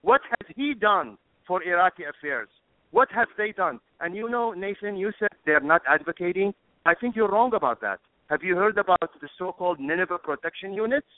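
High-pitched guy on a call-in show, fired up and emphatic, tinny phone sound. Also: lively intonation, brisk, dry recording. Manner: impassioned, emphatic, apologizes for getting emotional. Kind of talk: heated call-in radio discussion.

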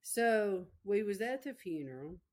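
A woman's voice: medium pitch, lively intonation, unhurried, darkish tone. A woman preacher, telling a personal story in a folksy, emotional way during a sermon.

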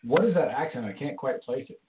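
A man's voice: mid-range voice, expressive, fairly quick, a little hiss or hum. A man hosting a casual beer chat, easygoing and hesitant, with lots of fillers. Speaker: podcast host. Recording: lo-fi phone-like sound.

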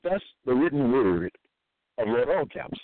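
A man reading scripture aloud in a halting, repetitive monologue, with frequent fillers and restarts. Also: medium pitch, sing-song, dry recording. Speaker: self-styled preacher. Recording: dry, tinny phone-like sound.

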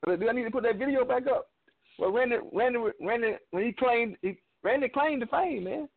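A man's voice: very high-pitched, fairly quick, gravelly. A man chatting casually on a call, easygoing and repeating his points. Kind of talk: casual chat. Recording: tinny phone line.

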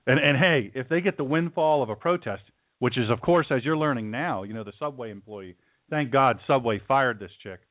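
A man's voice: mid-range voice, fairly quick, dry recording. Sarcastic male talk radio host, tinny. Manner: sarcastic, mocking, puts on caricature voices. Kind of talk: opinionated talk radio monologue. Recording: dry, phone-like radio audio.

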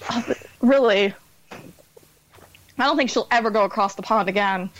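A woman's voice: medium pitch, unhurried, a bit bright, slight background noise, rough recording. A woman author being interviewed on a podcast, chatting casually and laughing at herself. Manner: chatty, self-deprecating, laughs often. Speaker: author guest.

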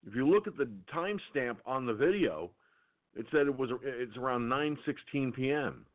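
A man's voice: mid-range voice, lively intonation, moderate pace. Profane ranting man on a phone line. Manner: profane, angry storytelling. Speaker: internet radio show host. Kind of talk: ranting monologue. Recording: tinny phone-line sound.

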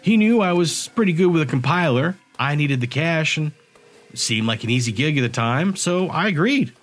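A man voicing a sharp-tongued young woman bartender and hacker, talking bluntly and casually in an audiobook. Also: a little high, expressive, normal speed, natural voice. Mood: matter-of-fact.

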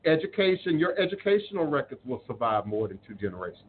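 Man, live-stream spiritual host, fairly high voice, earnest, preachy, repeats lines; phone-like sound. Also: sing-song, fast. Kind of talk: live-stream talk, reading viewer comments. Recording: phone-like audio with faint noise.

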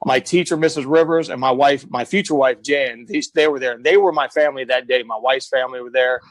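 A middle-aged American man, appearing as a guest, earnestly and emphatically recounts his life, acting out the voices of people he quotes. His voice is medium-pitched and a little fast. The recording is dry and the audio poor.

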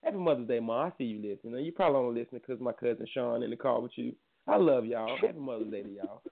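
A man hosting a morning radio show, talking in loose, slangy, joking banter that jumps up in pitch when he gets excited. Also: racing, creaky. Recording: tinny phone-like sound with faint music.

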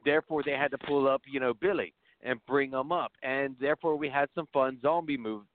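A man's voice: mid-range voice, a little fast, dry recording. A man co-hosting a podcast who argues his side of a film in a laid-back, joking way. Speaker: podcast co-host. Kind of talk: casual film discussion. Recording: dry, phone-like narrow audio.

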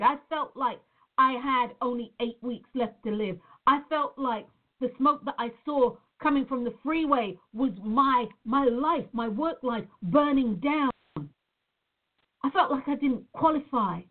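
In an unhurried, fairly high voice, a Nevada woman who practices reflexology reflects earnestly on something personal, speaking to her viewers as "guys" in an informal spiritual chat. Her sound comes through tinny, as if over a phone.

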